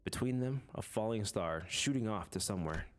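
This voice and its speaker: Animated man reading game text. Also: on the low side, fairly quick. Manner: animated, jokey, dramatic reading. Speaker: gaming YouTuber.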